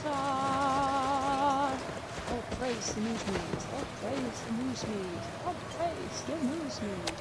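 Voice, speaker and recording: A woman chatting playfully and excitably. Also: on the high side, measured pace, hardly any pauses. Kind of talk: casual chat. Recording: music and loud noise behind.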